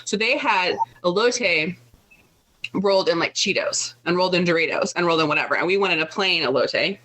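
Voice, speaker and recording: A woman's voice: lowish voice, fairly quick, a bit bright, slight background noise, poor audio. A young woman co-hosting a podcast, telling a long travel story in casual chat with lots of fillers. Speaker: podcast co-host.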